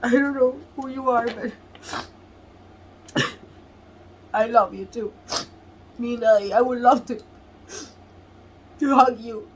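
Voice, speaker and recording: Brief: woman tarot reader, high and slow-spoken, tearful, earnest, soft laughs between lines. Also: slight background noise, low-quality recording. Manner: earnest, repeats phrases. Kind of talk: tarot reading to camera.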